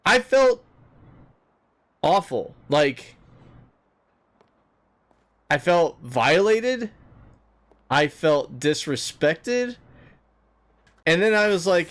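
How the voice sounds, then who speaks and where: Animated young man telling a story. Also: slow, long pauses. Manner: animated, swings between low mutters and high mimicking. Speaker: streamer. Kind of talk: casual storytelling to live chat.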